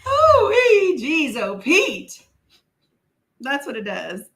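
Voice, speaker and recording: A woman's voice: high voice, huge pitch swings, extremely slow, a bit bright. A woman with a Southern US accent hosting a live stream, teasing and sassy in casual commentary, laughing often.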